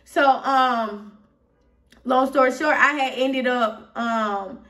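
A young woman from Atlanta with a high voice and a Southern accent tells a story in a casual storytime vlog, rambling and candid, and often asking "you feel me" as she grows heated. She speaks slowly in a fairly bright tone. She sounds a little distant from the mic.

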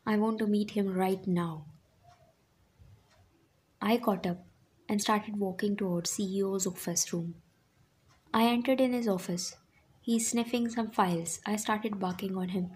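A woman's voice: mid-range voice, fairly even intonation, unhurried, long pauses, darkish tone, breathy edge. A young woman narrating a first-person fan fiction story, plain and at times indignant.

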